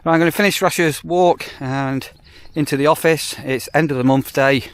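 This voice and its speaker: A man's voice: fairly high pitch, moderate pace, clean tone, no room sound. A man, a campsite warden chatting casually in a rambling vlog with wry asides. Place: on the move, outdoors and in a car.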